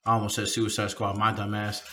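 A man co-hosting a podcast in casual chat, excitable and slangy, laughing a lot. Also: fairly low pitch, fairly quick. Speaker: podcast co-host.

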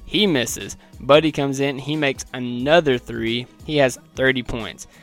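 A man casually recapping a basketball game from his notes as a podcast host, chatty and wry, with a voice that is not deep. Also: fairly even intonation, unhurried, a bit bright, soft background music.

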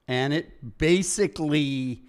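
A man in casual chat who teases his co-host and then tells a story of his own in a relaxed way. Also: fairly high pitch, slow pace. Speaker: podcast co-host.

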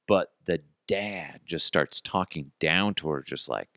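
A man hosting a podcast, telling customer service stories in a casual, animated way, swearing and laughing as he goes. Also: low voice, measured pace, few pauses, dry recording, studio quality. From Colorado, United States. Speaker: podcast host. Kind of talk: casual storytelling.

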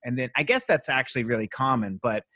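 A man co-hosts a casual podcast chat with a bright, forceful voice. He tells stories with animated energy and laughs easily. The sound is dry and close. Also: mid-range voice, fast, dry recording.

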